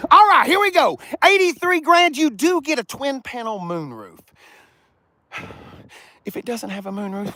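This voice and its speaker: A man's voice: high-pitched, fairly bright tone. A man from the Southern United States with a Southern accent, rambling jokily through a casual vlog at a car lot and getting sidetracked. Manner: rambling, easily sidetracked, jokey. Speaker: car vlogger.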